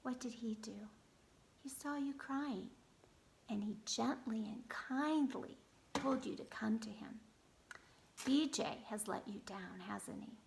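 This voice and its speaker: A patient father, soft and coaxing as he guides his daughter, as a woman puts him on. The voice carries a heavy gravelly rasp. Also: fairly high pitch, slow, pauses often, a little hiss or hum, poor audio. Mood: gentle. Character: gentle adult male father, patient.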